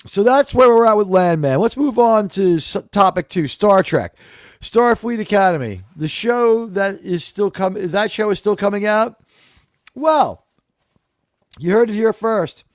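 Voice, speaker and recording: A man's voice: high-pitched, expressive, unhurried, no echo, studio quality. A man hosting a live talk show, rambling through casual, sarcastic, profane commentary.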